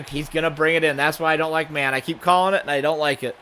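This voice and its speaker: A man giving running play-by-play commentary on his own video game session, with sudden bursts of excitement. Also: on the high side, fast, clear, resonant tone. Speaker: gaming channel host.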